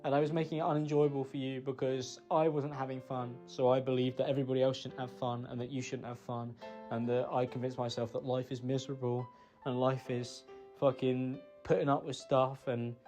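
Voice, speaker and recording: Choked-up man, halting apology. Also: mid-range voice, level tone, dark tone, soft background music. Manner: halting, self-blaming, full of pauses and restarts. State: emotional, choked up. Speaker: person recording a personal apology. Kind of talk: emotional spoken confession.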